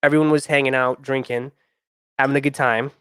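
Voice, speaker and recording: A man's voice: mid-range voice, fairly even intonation, brisk, a bit bright, clean tone, no room sound, clean studio sound. A young man hosting a stream, telling a story in a loose, rambling way with many fillers and restarts. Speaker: sneaker channel host.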